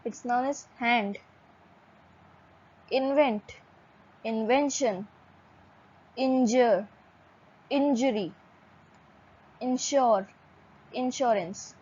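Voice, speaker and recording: A woman teaching English vocabulary in a measured lesson, listing words one by one and spelling some out letter by letter. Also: a little high, a little mellow, husky, dull audio.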